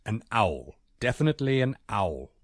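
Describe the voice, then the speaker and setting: A man's voice: fairly low pitch, big pitch swings, normal speed, no echo. An actor voicing a prim, formal male butler with dry, polite delivery. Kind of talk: video game voice acting.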